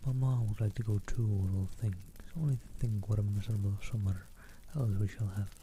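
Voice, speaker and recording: A man softly voicing a giddy chattering teenage girl. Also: lowish voice, fairly even intonation, a little fast, a little hiss or hum, close to an everyday voice. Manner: soft, hushed reading voice.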